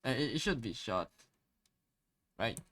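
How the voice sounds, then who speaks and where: A man's voice: medium pitch, lively intonation, measured pace, fairly bright tone. Hesitant man chatting on a stream. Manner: hesitant, stammering, searching for words. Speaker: art streamer. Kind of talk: casual live-stream chat.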